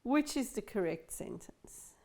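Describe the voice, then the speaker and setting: Slow, careful woman teaching English. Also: a little high, expressive, a little mellow. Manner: slow, careful, stressing sounds clearly. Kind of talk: English lesson for learners.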